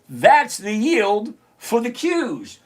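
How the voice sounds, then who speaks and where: Slow, sarcastic middle-aged livestream host. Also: medium pitch. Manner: teasing, sarcastic, talks straight to a viewer; deliberate, repeats points slowly. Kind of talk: casual livestream commentary.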